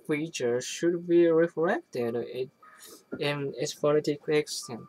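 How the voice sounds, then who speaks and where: A person reading an academic text aloud, halting often to restart and correct words. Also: medium pitch, darkish tone, no room sound, rough recording. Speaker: reader.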